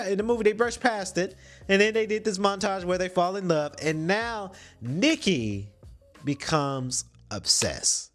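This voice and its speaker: A man hosting a podcast, casually retelling a movie plot in slangy, animated storytelling with some swearing. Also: sits high, a little slow, soft background music. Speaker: podcast host.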